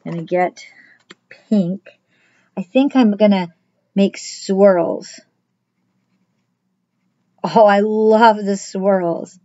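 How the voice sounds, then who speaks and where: Gentle woman pastor teaching kids crafts. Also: mid-range voice, drawn-out words, pauses often, dry recording, highs cut off. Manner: gentle, chatty, talks straight to kids. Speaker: children's pastor. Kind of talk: crafts lesson for children.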